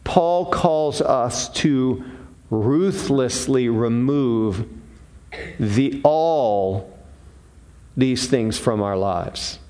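A man preaching a sermon, defining terms one by one with deliberate, emphatic pauses. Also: mid-range voice, dark tone. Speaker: pastor.

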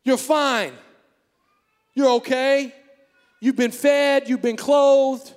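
Fervent, high-voiced shouting preacher. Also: male voice, fairly even intonation, extremely slow, clean tone, long reverb tail. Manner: fervent, shouting, call and response. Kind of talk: sermon.

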